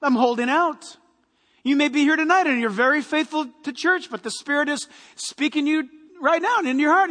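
A man preaching a sermon as a pastor, animated and full of rhetorical questions. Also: very high voice, brisk, big-room sound.

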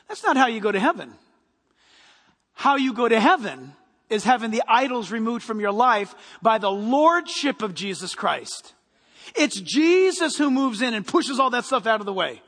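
A man preaching a sermon as a pastor, animated and full of rhetorical questions. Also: very high voice, moderate pace, big-room sound.

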